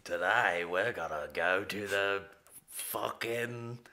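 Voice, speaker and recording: A man putting on the voice of a sleazy, flirty Australian man with a put-on Australian accent, slow and drawn-out. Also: fairly low pitch, sharp tone, pitched below the performer's own voice, heavily acted.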